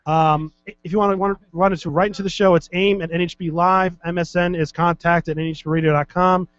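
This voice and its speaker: A man's voice: sits high, little pitch movement, fast talker, a bit bright, no echo, faint music behind. A man hosting a live internet radio show, joking loosely and swearing as he gives contact details. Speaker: podcast host. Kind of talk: casual chat. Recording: dull, lo-fi dry studio audio.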